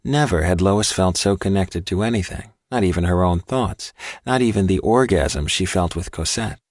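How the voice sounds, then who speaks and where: A man narrating an audiobook in a measured, even reading. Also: low voice, dry recording, studio quality. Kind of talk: scripted narration.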